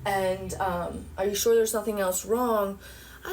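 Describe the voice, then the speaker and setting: Rambling, animated woman vlogger at home. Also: medium pitch, unhurried, a little hiss or hum. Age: middle-aged. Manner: rambling, animated retelling with lots of fillers and profanity. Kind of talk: casual storytelling to viewers.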